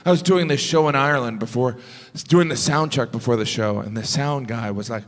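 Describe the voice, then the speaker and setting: Stand-up comedian man in an echoing hall. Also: fairly quick. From United States. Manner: deadpan observational, jumps into high-pitched asides. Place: large theater before a live audience. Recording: reverberant hall with live audience noise.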